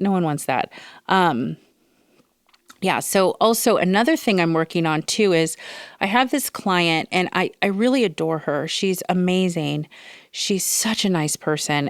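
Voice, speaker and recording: Woman host, smooth resonant tone, casual rambling solo chat full of asides. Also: on the low side, dry recording, studio quality. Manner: chatty, rambling, with fillers and quoted asides. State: recovering from respiratory infection. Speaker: podcast host.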